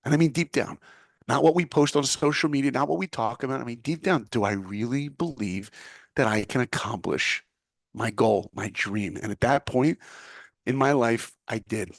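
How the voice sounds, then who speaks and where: A middle-aged man telling his story as an interview guest, emphatic and animated, acting out what others said. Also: medium pitch, moderate pace, gravelly, no room sound, studio quality. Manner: animated, emphatic, acts out quotes. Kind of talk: motivational storytelling.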